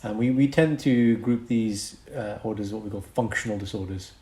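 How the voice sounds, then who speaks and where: A man's voice: lowish voice, moderate pace, warm tone. A man co-hosting a casual podcast, explaining medical conditions and chuckling between points.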